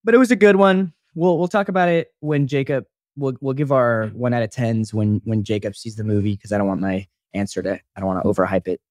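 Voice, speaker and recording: A young man in casual podcast chat, piling up fillers as he rambles through a story. His voice sits at an ordinary middle pitch and sounds close and dry, with no room around it. He talks loosely and freely. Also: steady tone, fairly quick, hardly any pauses, darkish tone, no room sound. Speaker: podcast co-host.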